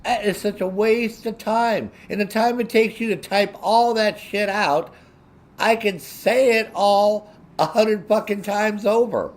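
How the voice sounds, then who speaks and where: Unhurried and high-voiced, a man casually rants to the viewers of his stream. Indignation and animation drive his delivery, and the swearing is heavy.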